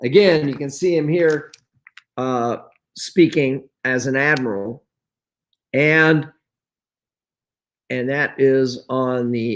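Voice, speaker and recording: Slow, rambling man clearing his throat. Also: mid-range voice. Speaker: host. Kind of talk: solo video commentary showing papers and photos to camera. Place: at home, items on his wall.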